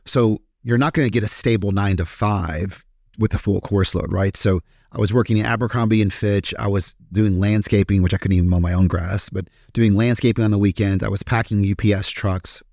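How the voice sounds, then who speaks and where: Podcast guest from Kentucky, low-pitched man, animated and profane, dry close sound. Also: fairly quick, vocal fry, dry recording. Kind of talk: casual storytelling interview.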